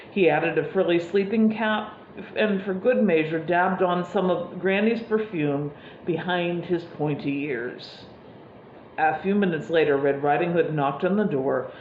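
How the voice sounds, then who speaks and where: A woman preacher telling a fairy tale in a sermon, unhurried, with fillers. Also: fairly low pitch, slight background noise. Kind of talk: sermon storytelling. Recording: echoey room, slightly dull sound.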